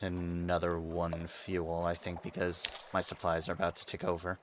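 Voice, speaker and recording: A man's voice: sits low, monotone, moderate pace, background noise. A man streaming a video game, musing aloud about his choices and reading the game's text to himself in a casual way. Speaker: let's play streamer.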